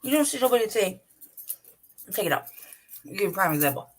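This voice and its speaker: A woman's voice: mid-range voice, very animated, fast talker, husky. A woman hosting her own channel, ranting bluntly and profanely in a commentary monologue, laughing between points and asking "right?". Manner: talks straight to the listener with repeated "right?". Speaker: channel host.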